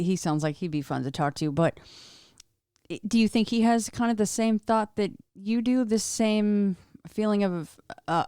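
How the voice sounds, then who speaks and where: A woman with a lowish, smooth, clear voice hosts a podcast in casual chat and asks long, winding questions. Her sound is dry and close. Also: a little mellow, no room sound. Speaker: podcast host.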